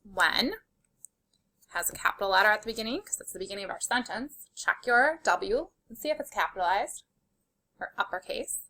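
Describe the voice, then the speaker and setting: A woman's voice: medium pitch, fast, sharp tone. A woman teaching a spelling lesson to young children, patiently sounding out letters and praising their work. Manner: encouraging and praising.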